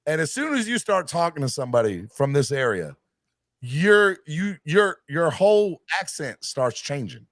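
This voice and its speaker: A man from North Carolina with a Southern accent, hosting a casual call-in sports chat, chummy and animated. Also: normal speed, no echo, clean studio sound. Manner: animated, chummy, drifts from loud to low. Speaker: podcast host.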